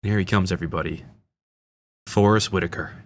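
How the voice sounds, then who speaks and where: Deep-voiced man chatting through a film. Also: steady tone, fairly quick. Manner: chatty, enthusiastic fan, frequent fillers. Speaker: channel host. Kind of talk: casual film audio commentary.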